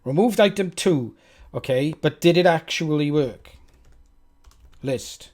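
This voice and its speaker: A man with a Welsh accent, talking through his code on a live stream. His voice sits a touch high, and he chats with his viewers in a loose, self-mocking way. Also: expressive, takes it slowly, darkish tone. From Wales. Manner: chatty, self-mocking, talks to chat. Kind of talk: thinking aloud while coding live.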